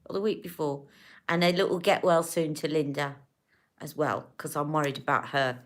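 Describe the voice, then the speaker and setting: A woman hosting a beauty livestream, talking straight to her viewers. Her voice sits a little low. Her talk rambles in a chatty, affectionate and emotional way, as she speaks into a phone or webcam. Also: steady tone, moderate pace. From United Kingdom. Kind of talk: casual livestream chat with viewers.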